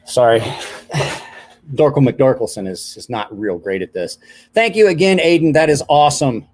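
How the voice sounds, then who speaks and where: A man's voice: medium pitch, normal speed, darkish tone. A man in his forties chatting casually on a late-night live stream, telling rambling stories with a self-deprecating streak.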